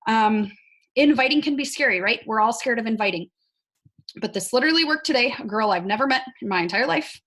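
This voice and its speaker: A woman's voice: fairly high pitch, animated, normal speed, fairly bright tone. A woman coaching her fitness team on a casual video call. She is chatty, often says "like" and checks in with "right?". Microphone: video call mic.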